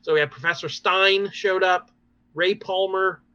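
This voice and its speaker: A man hosts a casual podcast chat, his voice on the high side and bright, almost tense. He recaps episodes in a lively, rambling way, full of fillers and little laughs. The recording is dry and dull, like a lo-fi mic. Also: a little slow, no echo. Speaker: podcast host.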